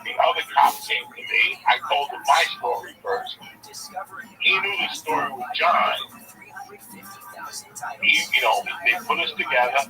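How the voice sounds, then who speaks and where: A man's voice: a little high, unhurried, pauses often. A man casually telling a profane story, acting out the dialogue as he goes. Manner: profane, animated retelling with quoted dialogue. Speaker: storyteller guest. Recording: far from mic with music behind.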